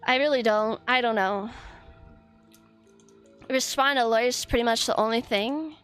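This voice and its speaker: A woman's voice: fairly high pitch, moderate pace, a bit bright, clear, resonant tone, soft background music. A woman streamer venting in a casual, frustrated rant, swearing often and rambling with lots of fillers.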